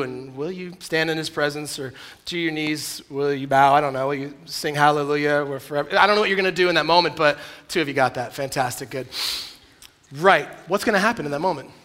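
A man preaching at a youth camp in a joking, animated way, often acting out voices. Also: fairly high pitch. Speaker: youth speaker.

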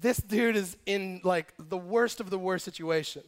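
A young man preaching a casual, lively sermon, joking and acting out quotes as he tells a story. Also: sits high, a little slow, clean tone. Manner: animated, jokey storytelling with acted quotes. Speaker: pastor.

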